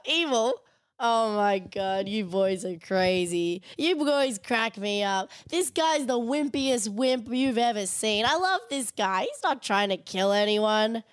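A woman's voice: a little high, no room sound, studio quality. A woman voicing Harry, a cheery, gossipy grown man who is headmaster, in a comedic reading of a story. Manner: chummy, excitable.

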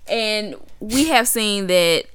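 Woman, casual podcast co-host, animated slangy storyteller, close dry mic. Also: medium pitch, slow pace, clean tone, dry recording. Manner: animated storytelling, slangy and profane, acts out voices. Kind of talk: casual chat about an anime episode.

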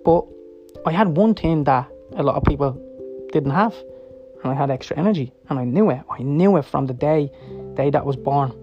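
A man in his thirties tells his own story in a frank, rambling way, swearing freely and checking in with his listener. His voice sits a little high for a man. Soft guitar music plays quietly underneath. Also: fairly quick, lo-fi sound. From Ireland. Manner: candid, rambling and profane, with frequent "yeah?" and "right?". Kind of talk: personal storytelling talk.

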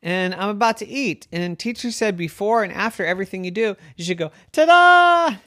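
Parent doing a squeaky little show-off gymnast girl, bouncy sing-song, dry close sound. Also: brisk, a bit bright, dry recording, natural voice. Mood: eager. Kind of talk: bedtime story voice.

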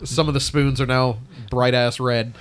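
A man's voice: medium pitch, steady tone, moderate pace, smooth. A man playing a tabletop game, who stammers and laughs as he talks. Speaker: player. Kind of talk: casual tabletop role-play.

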